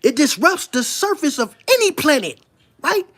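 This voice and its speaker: A commentator talking straight to viewers in a casual monologue, emphatic and full of rhetorical questions, stopping to read passages aloud slowly before commenting on them. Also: high voice, sing-song, a bit bright. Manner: emphatic, keeps firing rhetorical questions at listeners. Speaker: online commentator.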